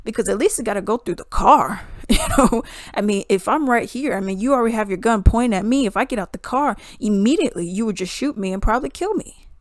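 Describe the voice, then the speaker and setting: A woman giving casual, blunt commentary, animated and acting out what others said. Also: fairly high pitch, fast talker, no echo, clean studio sound. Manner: blunt, animated, acts out quotes in voices.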